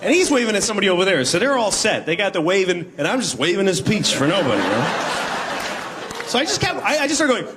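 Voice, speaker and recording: Rambling stand-up man, very animated pitch. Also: quick pace. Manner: rambling, self-deprecating, acts out bits in high shouted voices. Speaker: stand-up comedian. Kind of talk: stand-up comedy. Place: large concert hall with a laughing audience. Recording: live concert recording with crowd noise. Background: audience laughter.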